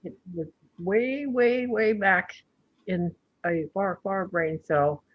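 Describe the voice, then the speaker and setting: Husky, thoughtful student in a muffled recording. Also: medium pitch, expressive, slow pace. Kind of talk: casual class discussion.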